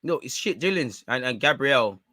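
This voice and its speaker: Fiery, bright-voiced football fan host. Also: male voice, medium pitch, normal speed, no room sound, clean studio sound. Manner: excitable, swears, shouts at players and referee; talks while eating. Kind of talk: live match reaction commentary.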